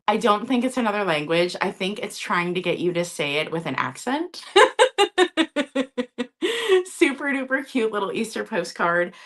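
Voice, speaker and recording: A woman's voice: mid-range voice, lively intonation, normal speed, bright, forceful tone. A woman hosting a live-stream vintage sale, chatty and casual, often checking in with her viewers.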